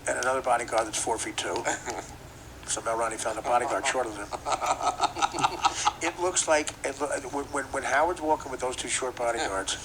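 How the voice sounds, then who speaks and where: A man's voice: medium pitch, normal speed, noisy background. A man hosting a podcast, riffing through a profane comedic rant and laughing at his own jokes. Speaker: podcast host.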